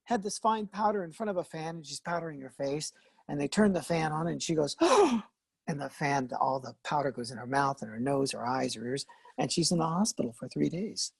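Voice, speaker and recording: An older man, a veteran actor and voice artist, telling animated stories in a casual interview, laughing and acting out what people said. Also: a little high, fairly quick, gravelly, husky, dry recording. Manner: animated, laughing, acts out quoted lines.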